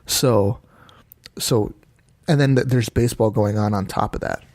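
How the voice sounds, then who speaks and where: A man's voice: lowish voice, measured pace, darkish tone, dry recording, clean studio sound. A man co-hosting a podcast in casual chat, easygoing and rambling, with short asides. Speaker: podcast co-host.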